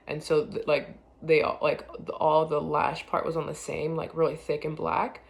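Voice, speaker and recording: A woman talking in a casual confessional vlog, rambling and hesitant with many fillers, often trailing off quietly. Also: low voice, level tone, moderate pace, creaky.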